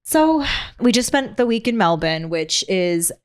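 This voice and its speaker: A woman's voice: mid-range voice, sing-song, a little slow, clear, resonant tone. A woman hosting a podcast in casual chat, bubbly and laughing often. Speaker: podcast host. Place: visiting Australia.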